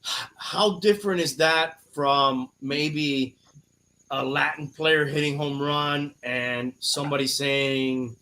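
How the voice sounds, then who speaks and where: Bright-voiced male podcast host, profane. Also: fairly high pitch, fairly even intonation, takes it slowly. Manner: loose, profane banter with many fillers. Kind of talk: casual podcast chat.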